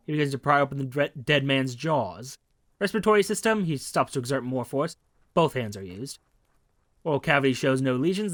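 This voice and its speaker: A man's voice: mid-range voice, fairly bright tone, dry recording, studio quality. Man reading game text aloud. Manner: casual, wry asides while reading. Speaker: game streamer.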